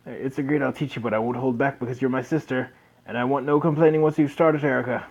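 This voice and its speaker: A man voicing a protective young prince, speaking low, calm and firm. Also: quick pace, creaky, lo-fi sound.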